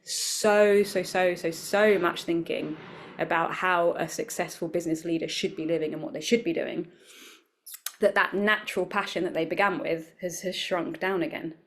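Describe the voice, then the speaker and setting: A woman, a wellbeing coach, speaking as a guest in a conversational interview, reflective and animated, acting out little quoted voices. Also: on the low side, moderate pace.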